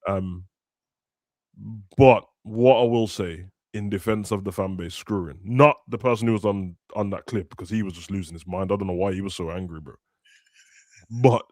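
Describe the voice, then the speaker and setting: A man's voice: fairly low pitch, no room sound. A young man, chatting casually and ranting animatedly as a football podcast host. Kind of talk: casual chat.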